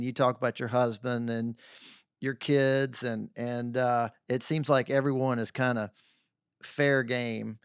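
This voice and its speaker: A man hosting a podcast, asking relaxed questions with easy fillers. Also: mid-range voice, clean tone, dry recording, clean studio sound. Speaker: podcast host. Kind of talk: interview conversation.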